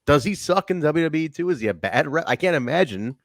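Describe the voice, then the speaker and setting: A man hosting a casual podcast chat, animated and laughing often. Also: on the high side, fast talker, no room sound, clean studio sound. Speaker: podcast host.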